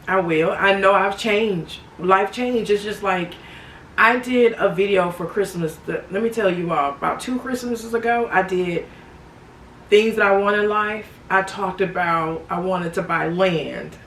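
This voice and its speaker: A woman chats unhurriedly with her vlog viewers in a mid-range, slightly bright voice, often laughing and calling them honey or sweetie. Her talk is casual and reflective. The mic sits far from her in a roomy, echoey space, with faint noise in the background.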